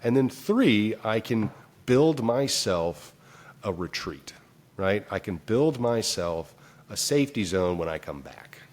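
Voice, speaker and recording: Appearing as a guest psychologist in an interview, a man recounts a personal story and plays out his own inner dialogue, his phrasing loose and full of fillers. His voice sits fairly low, with a sing-song lilt, an unhurried pace and a darkish tone. It comes across as a conversational explanation.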